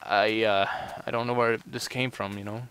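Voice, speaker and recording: A man's voice: lowish voice, level tone, moderate pace, fairly bright tone, slight background noise. A young man giving casual let's play commentary, rambling and full of "you know" fillers. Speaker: gameplay commentator.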